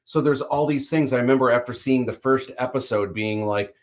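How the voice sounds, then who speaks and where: A man's voice: medium pitch, fairly quick. Chatty man rambling about a show. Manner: rambling, animated opinions with many fillers. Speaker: livestream host. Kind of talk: casual chat.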